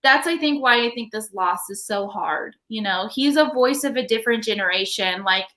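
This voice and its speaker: Chatty animated woman podcast host. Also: on the high side, normal speed. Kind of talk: casual live-stream chat.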